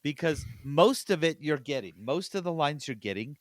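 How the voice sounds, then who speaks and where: A man's voice: on the high side, expressive, normal speed, no room sound, studio quality. A man hosting a podcast in casual chat, chatty and laughing as he retells scenes. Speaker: podcast host.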